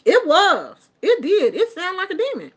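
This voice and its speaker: A middle-aged woman, giving a casual, animated commentary vlog and laughing often. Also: extremely high pitch, normal speed. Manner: animated, chatty, laughs often, sings snippets. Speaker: vlogger commenting on online drama.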